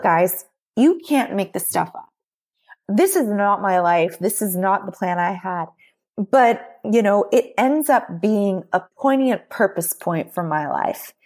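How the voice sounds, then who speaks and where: A woman's voice: mid-range voice, darkish tone. Earnest woman telling a heartfelt story. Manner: earnest, heartfelt, many restarts and "you know". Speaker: podcast guest, memoir author. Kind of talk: emotional personal storytelling.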